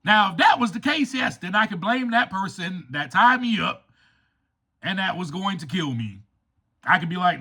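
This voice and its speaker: A man's voice: sits high, normal speed, husky. A man hosting a recovery podcast, talking in an emphatic, preachy monologue and acting out quoted voices. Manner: animated, acts out quoted voices. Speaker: podcast host.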